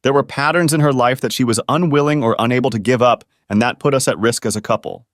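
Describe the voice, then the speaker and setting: A man's voice: mid-range voice, steady tone, fast talker, no echo, clean studio sound. A man narrating a first-person relationship story, speaking in an earnest, confrontational storytelling manner.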